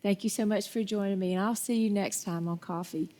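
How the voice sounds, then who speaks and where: A woman's voice: mid-range voice, steady tone, a little fast, dark tone. A woman hosting a Christian talk show, speaking with effusive, faith-filled encouragement.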